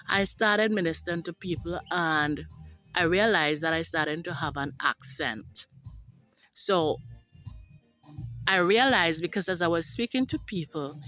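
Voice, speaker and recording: A Jamaican woman sharing a personal testimony to camera as a motivational speaker, earnest and emphatic, stretching key words out slowly. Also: lowish voice, a bit bright.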